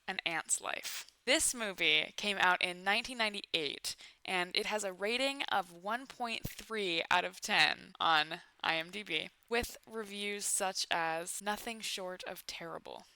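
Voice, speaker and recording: A woman's voice: mid-range voice, a little slow, hardly any pauses, sharp tone, clean tone. A woman in her twenties hosting a casual comedy commentary about a bad movie, full of sarcastic, playful asides. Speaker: YouTube commentary host.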